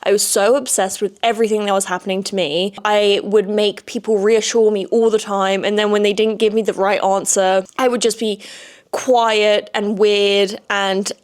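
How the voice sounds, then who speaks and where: A woman's voice: medium pitch, level tone, normal speed. A young woman hosting a podcast, talking candidly and rambling in a frank personal monologue, swearing freely. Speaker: podcast host.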